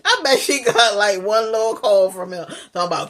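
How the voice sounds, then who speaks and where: A man's voice: high voice, fairly quick, fairly bright tone. A man hosting a reaction video, talking casually to his viewers and mocking the clip he is reacting to. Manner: mocking, laughs at the clip, addresses viewers as y'all. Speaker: reaction channel host. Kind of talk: reaction commentary.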